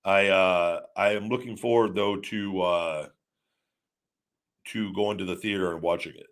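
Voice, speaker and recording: A man in his forties hosts a live stream in a loose, rambling way, circling back and correcting himself as he talks. His voice sits a little low, and he chats with the audience casually. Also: fairly even intonation, measured pace. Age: 40s. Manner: rambling, self-correcting storytelling. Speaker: show host.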